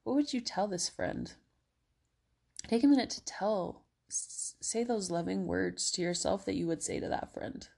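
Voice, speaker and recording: A woman hosting a casual self-help podcast, talking in a gentle, encouraging way with many fillers and slipping at times into soothing guided relaxation. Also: medium pitch, measured pace, creaky, slightly rough. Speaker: podcast host.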